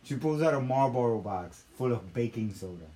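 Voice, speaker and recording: A young man hosting a casual talk show, telling stories in an animated, profane style. His voice sits at a middling pitch and has an unpolished, conversational feel. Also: a little fast. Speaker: host. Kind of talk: casual storytelling.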